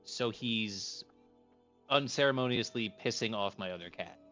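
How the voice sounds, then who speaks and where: A man's voice: fairly low pitch, unhurried, sharp tone, faint music behind. A man chatting casually on a voice call, giving wry, rambling explanations. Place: online voice call.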